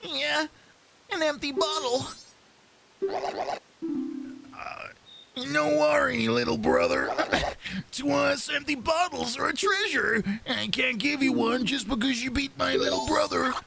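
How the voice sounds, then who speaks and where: Boastful young beaver voice, very high, gravelly, taunting, loud game music behind. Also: male voice, slow, pauses often, full character voice. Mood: challenging. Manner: brash, taunting game-text reading. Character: cocky young male beaver, boastful and teasing.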